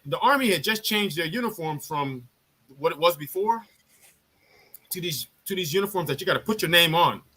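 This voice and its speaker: This army veteran, telling war-era army stories on a casual live chat, has a high, bright, forceful voice that is also husky, at a normal speed. Loose and profane, he's animated and blunt, slipping into other people's voices as he goes.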